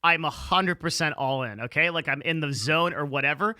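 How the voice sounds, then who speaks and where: A man's voice: fairly high pitch, a little fast, bright, forceful tone, dry recording. A man hosting a casual interview, talking with energy and emphasis in slangy speech with swearing.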